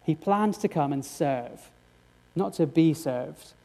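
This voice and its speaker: A man's voice: on the high side, lively intonation, takes it slowly, gravelly, a little mellow. A man preaching a sermon, earnest and direct, often asking his congregation rhetorical questions.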